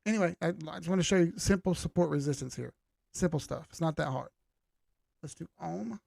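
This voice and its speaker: Reading chat and cracking jokes on a casual chart livestream, this man talks fairly quickly. His voice is gravelly and darkish, a bit high for a man, and strained enough that it starts to crack. The sound is close and dry, with no echo.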